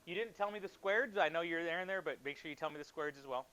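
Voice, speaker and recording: A man teaching a high school math class, quizzing students and joking with them in a classroom. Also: rapid-fire, bright, forceful tone, smooth. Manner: instructive, asks students questions.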